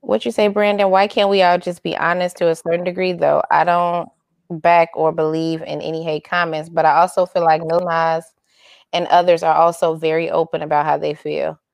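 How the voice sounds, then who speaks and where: Blunt, gravelly-voiced woman chatting. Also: low voice, flat delivery, moderate pace, no echo. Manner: blunt, profane, laughing often. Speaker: co-host. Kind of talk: casual pop-culture chat.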